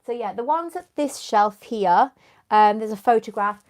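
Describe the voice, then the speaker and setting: Sniffling from a runny nose and clearing her throat, a young YouTuber rambles through a casual live stream, replying to viewers by name. She speaks at a moderate pace in a fairly high voice.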